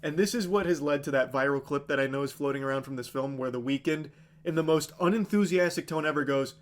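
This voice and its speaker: A man's voice: a little high, fast talker. A man live-streaming a casual, sarcastic movie recap, rambling with lots of "like" and swearing freely. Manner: rambling with many fillers like "like".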